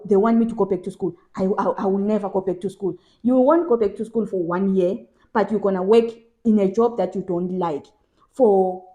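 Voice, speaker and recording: A woman's voice: medium pitch, warm tone. A young woman from South Africa giving casual advice in a vlog, emphatic and repeating phrases for stress. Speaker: vlogger.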